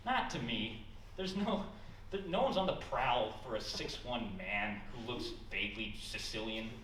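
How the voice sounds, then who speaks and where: Young man, stand-up comic, lively pitch, echoey club, distant mic. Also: moderate pace. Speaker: stand-up comedian. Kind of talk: stand-up set. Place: small comedy club stage. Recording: echoey club room, mic heard from afar, loud noise.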